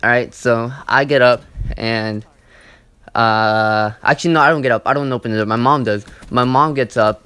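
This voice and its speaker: A young man tells a story over gameplay in a loose, rambling, profane way, leaning on "like" and "you know" at every turn. His voice sits at an ordinary middle pitch. The sound is dry and close, with no room echo. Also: normal speed, sharp tone, clean tone. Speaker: gaming channel host.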